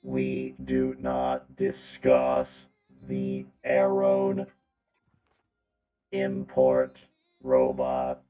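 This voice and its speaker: A game master putting on a rigid, literal-minded robot escort from a tabletop game, with an extremely deep voice. He speaks in clipped, dead-level robot phrases at a slow, unhurried pace. Faint music plays underneath. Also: highs cut off, heavily acted. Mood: deadpan. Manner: flat, clipped robotic delivery.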